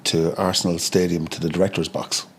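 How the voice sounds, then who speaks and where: A middle-aged Irish man chatting as a podcast guest, starting and restarting phrases, and lively when he acts out what others said. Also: sits low, slightly rough. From Ireland. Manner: halting, repeats words, animated when quoting others. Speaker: podcast guest, chip shop co-founder. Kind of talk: casual interview storytelling.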